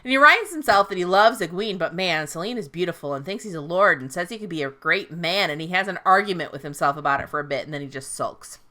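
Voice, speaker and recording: A woman hosts a podcast, retelling a fantasy book in a loose, profane, joking way. Her voice sits a little low but moves a lot, with a bright, forceful edge. She slips into quick paraphrased lines for the characters. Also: expressive. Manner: swearing, playful, paraphrases characters in quotes. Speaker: podcast host recapping a book. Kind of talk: casual recap storytelling.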